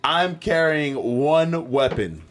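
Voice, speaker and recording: A man co-hosting a podcast, telling a story in a casual, animated way, often restarting and quoting friends. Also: on the high side, takes it slowly. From Philadelphia. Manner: animated, jumps into quoted voices, frequent restarts. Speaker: podcast co-host.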